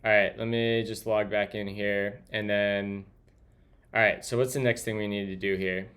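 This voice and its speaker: A man's voice: fairly low pitch, flat delivery, moderate pace, fairly bright tone. A man streaming live as he codes, thinking aloud and muttering to himself as he types. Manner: muttering to himself while typing. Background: keyboard typing.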